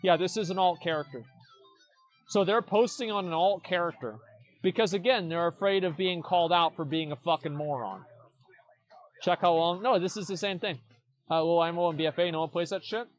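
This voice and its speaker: A young man with a slightly high voice gives casual commentary on a stream. He talks bluntly and mockingly, swears often, and stumbles over repeated words as he starts his points. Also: normal speed, faint music behind. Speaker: streamer reacting to forum posts.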